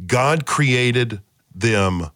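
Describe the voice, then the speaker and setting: A man's voice: medium pitch, lively intonation, extremely slow, fairly bright tone, no room sound, clean studio sound. A man leading a casual Bible study discussion, quizzing the group with questions and repeating key words as he teaches.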